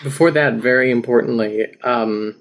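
A man's voice: mid-range voice, moderate pace. A man as a guest on a podcast, chatting casually and reading book passages aloud, often laughing. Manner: laughs often, reads passages with an embarrassed amusement.

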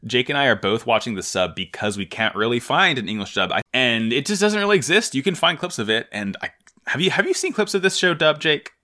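Male podcast co-host, casual banter, bright tone, lively swooping pitch. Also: fairly quick. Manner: animated, laughing, jokey fan enthusiasm. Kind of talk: casual chat.

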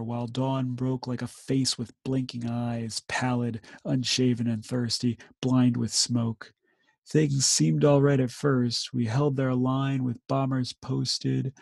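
A man reading war poetry aloud with slow, measured emphasis, then discussing it casually as a podcast co-host. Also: mid-range voice, creaky, darkish tone, no echo.

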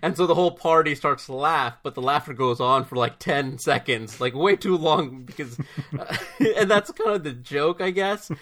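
A man co-hosting a podcast in casual chat, animated and giggly as he retells comedy. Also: fairly high pitch, normal speed. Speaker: podcast co-host. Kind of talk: casual chat about films.

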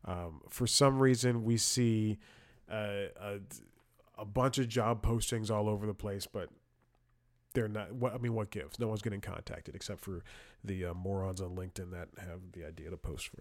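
A podcast host with a slightly low, steady voice speaks at a normal speed on a casual comedic show, rambling, restarting his sentences and chuckling at his own story. He's recorded on a close, dry mic with no room sound.

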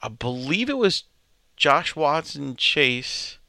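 A man co-hosting a podcast, telling crude prank stories in casual chat and loudly acting out the quotes. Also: a little high, very animated, takes it slowly, gravelly, no room sound. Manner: crude, boisterous storytelling with loud acted-out quotes. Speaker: podcast co-host.

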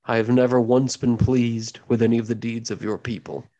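Guy doing a cold old dragon lady, slow and sneering, tabletop game. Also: medium pitch, steady tone, mellow, dull audio, lightly acted. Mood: scornful. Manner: slow, contemptuous, drawn-out threats. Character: ancient scornful female dragon, coldly menacing.

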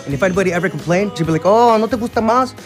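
A chatty ex-con with a Chicano accent who can't stop telling stories. He talks fast in a slightly high voice. A film score plays behind him. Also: animated, over music. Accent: Chicano English. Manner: rambling storyteller, chatty. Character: fast-talking rambling ex-con man, adult.

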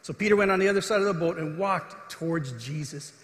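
A man with a notably high voice delivers an earnest sermon, stepping into the voices of the scripture story. He sounds like he is in a large hall, his words trailing off in a long, roomy echo. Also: fast talker, a bit bright. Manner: earnest preaching, acts out quoted voices with rising intensity. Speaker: pastor. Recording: echoey hall.

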